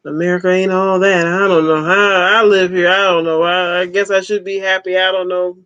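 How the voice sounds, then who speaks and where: A livestream host in their forties, chatting in a relaxed, easygoing way. They chuckle often and toss out short, repeated replies. The sound is close and dry, with no room echo. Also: mid-range voice, moderate pace, clean tone, highs cut off. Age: 40s. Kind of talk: casual livestream chat.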